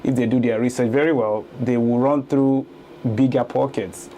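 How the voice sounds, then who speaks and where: Nigerian man with a warm, mellow voice. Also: mid-range voice, fairly even intonation, normal speed, slight background noise. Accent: Nigerian, from Lagos. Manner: laughs easily, conversational storytelling. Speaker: guest, real estate investor. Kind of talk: casual interview.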